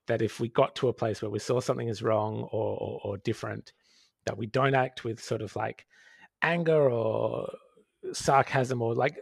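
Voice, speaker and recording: Male podcast guest, gravelly and dry-recorded, reflective rambling talker. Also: mid-range voice, dry recording. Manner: reflective, rambling with many fillers. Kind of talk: casual chat.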